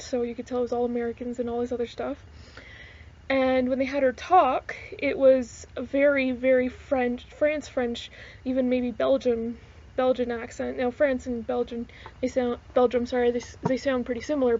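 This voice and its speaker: A woman from Canada chatting casually to camera as a vlogger, rambling and digressive. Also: high voice. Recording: dull lo-fi recording.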